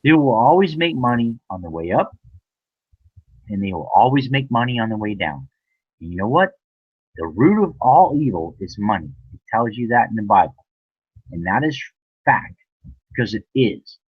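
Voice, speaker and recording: A man's voice: lowish voice, sing-song, moderate pace, long pauses, husky, no room sound, narrow, tinny audio. A man ranting angrily into the camera, heated and repetitive, with frequent swearing. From United States. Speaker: vlogger. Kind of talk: angry rant.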